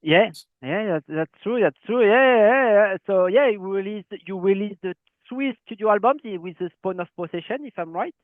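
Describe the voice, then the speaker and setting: A man's voice: sits high, expressive, normal speed, dry recording. A man with a French accent hosting an interview, asking questions with many fillers and restarts. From France. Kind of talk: casual interview. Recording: tinny phone-like call line.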